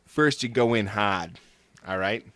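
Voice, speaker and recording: Man puts on a brash New York-accented tough-talking politician, low and dry. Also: fairly bright tone, no room sound. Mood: swaggering. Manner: boastful, repetitive, halting. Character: blustering older male politician, tough-talking.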